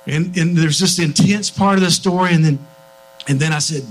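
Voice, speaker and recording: A man's voice: a little high, normal speed, faint music behind, poor audio. A middle-aged man preaching a sermon in a church, telling family stories earnestly and often restarting his sentences. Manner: earnest storytelling, frequent restarts.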